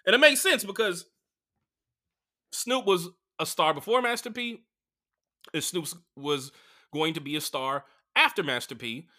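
A young adult man hosting a comedy podcast, telling crude stories in a loose, animated way full of fillers. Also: fairly high pitch, unhurried, long pauses. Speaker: podcast host. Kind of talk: casual comedic storytelling.

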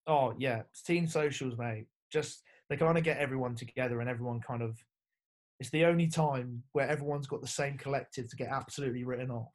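A man's voice: medium pitch, brisk. Laid-back young man telling rugby stories. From England. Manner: laid-back, storytelling with lots of fillers and swearing. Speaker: podcast guest, former rugby player. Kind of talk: casual chat.

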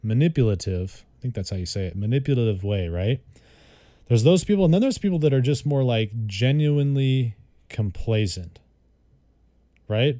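A man teaching vocabulary in a relaxed, chatty way. He repeats words and spells them out. His voice is mellow and the sound is dry and close. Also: mid-range voice, normal speed, no echo. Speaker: vocabulary tutor. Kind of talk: casual vocabulary lesson.

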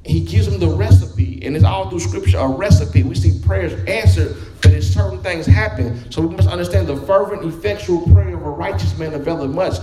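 Male preacher, folksy conversational delivery, high voice, roomy recording over soft music. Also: brisk, few pauses. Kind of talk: sermon. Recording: echoey room with background music.

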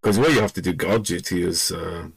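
A man's voice: low voice, a little fast, creaky, husky, no echo, rough recording. A middle-aged man from Scotland, a podcast host telling stories in a rambling, digressive way that keeps losing the thread. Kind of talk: casual spoken storytelling.

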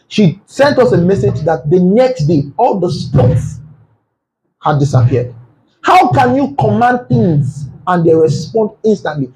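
A man preaching a sermon to his church, firing off rhetorical questions and breaking into shouts. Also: high-pitched, poor audio. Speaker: pastor.

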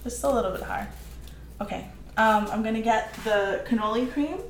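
A woman's voice: on the high side, normal speed, a little hiss or hum. Chatty woman cooking in an echoey kitchen. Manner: chatty, laughs often, reads out viewer comments. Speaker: home cook live-streaming. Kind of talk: casual cooking stream chat. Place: home kitchen. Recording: echoey kitchen with faint clatter.

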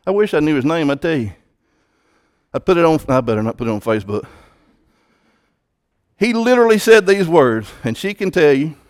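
A man's voice: a little high, big pitch swings, a little fast, long pauses, no room sound, clean studio sound. A man preaching a sermon, emphatic and impassioned, often repeating words.

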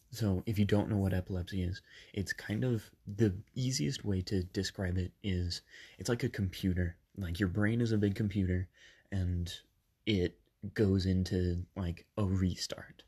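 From his bedroom padded with soft things, a young podcast host in his twenties, slightly sick, rambles through his story with many ums and fixes. His deep, husky voice holds a steady tone and moves a little slowly.

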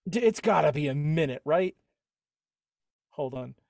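A man's voice: on the high side, lively intonation, a little slow, gravelly, a little mellow, slight background noise. A man playing a tabletop game, rambling and correcting himself as he thinks aloud. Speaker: player. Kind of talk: casual tabletop game chat.

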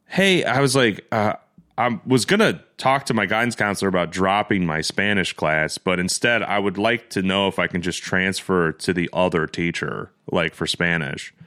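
A young man co-hosting a podcast, telling stories in a casual, swearing, animated way and laughing often. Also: deep voice, moderate pace. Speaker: podcast co-host. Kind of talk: casual storytelling chat.

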